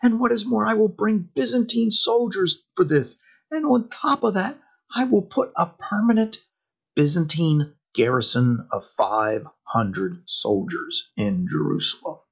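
Guy doing a high eager young prince voice, begging and promising big, slow and husky. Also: animated, full character voice. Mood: eager pleading. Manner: eager, piling up grand promises. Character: young exiled prince pleading for a throne, eager.

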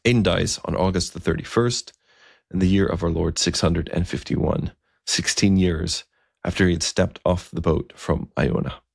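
A man's voice: low-pitched, fairly even intonation, normal speed, vocal fry, dry recording, studio quality. A man narrating a story in a conversational way, with fillers and asides.

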